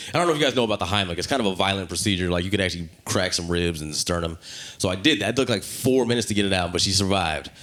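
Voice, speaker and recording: Brash low-voiced male stand-up comic. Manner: brash, crude, rising to shouted rants. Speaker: stand-up comedian. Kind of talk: stand-up comedy set. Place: comedy club stage with a laughing audience.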